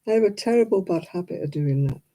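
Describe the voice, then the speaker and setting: A woman's voice: fairly low pitch, lively intonation, brisk, dark tone, poor audio. A middle-aged woman from England, chatting casually to camera at home and laughing often. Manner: chatty, laughs often, mimics other accents. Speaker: vlogger. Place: quiet room at home.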